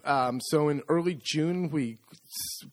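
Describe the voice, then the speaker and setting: A man's voice: a little high, takes it slowly, very noisy. A man co-hosting a casual podcast, chatting with wry, incredulous asides. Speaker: podcast co-host. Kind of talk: casual chat.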